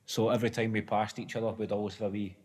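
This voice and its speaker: A man's voice: fairly low pitch, flat delivery, rapid-fire, a little mellow. A Scottish man with a Glaswegian accent, a comedian guest in casual, laid-back comedic chat, laughing often. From Scotland.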